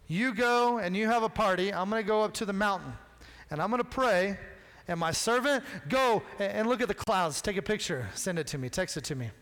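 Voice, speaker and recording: A male pastor with a notably high voice delivers a sermon. He tells the story in an animated, casual way and slips into the characters' dialogue. His voice rings out with the long reverb of a large hall.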